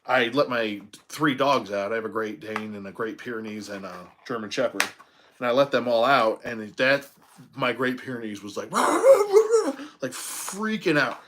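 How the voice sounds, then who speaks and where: Rambling toy collector. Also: male voice, lowish voice, a bit bright, a little hiss or hum. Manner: rambling storyteller, laughs often, drawn-out pauses. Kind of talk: casual unboxing chat. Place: home room.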